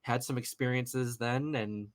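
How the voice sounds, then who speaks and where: A young man in his twenties tells a ghost story in a loose, rambling podcast chat. His voice sits at an ordinary middle pitch for a man. He keeps the story moving with plenty of "you know" and "uh.". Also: fairly even intonation, measured pace. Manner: chatty, rambling, lots of fillers and "you know". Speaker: guest paranormal investigator. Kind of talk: casual storytelling in a podcast interview.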